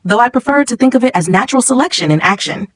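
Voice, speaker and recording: A woman reading the lines of a cold, contemptuous male substitute chemistry teacher in a storybook narration, calm and clipped. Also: fairly high pitch, fast, no room sound, pitched above the performer's own voice. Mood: cold, mocking.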